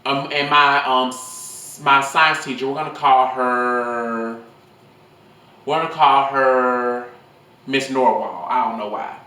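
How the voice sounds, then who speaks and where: A man's voice: mid-range voice, takes it slowly, roomy sound, far from the mic, slight background noise. A young man telling school stories in a casual vlog, rambling and swearing freely into his phone. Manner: rambling, profane, animated storytelling.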